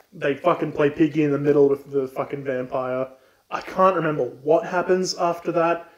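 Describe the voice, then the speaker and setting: A man co-hosting a podcast, casually retelling a book in an irreverent, profane way. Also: fairly high pitch. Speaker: podcast co-host. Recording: roomy echo.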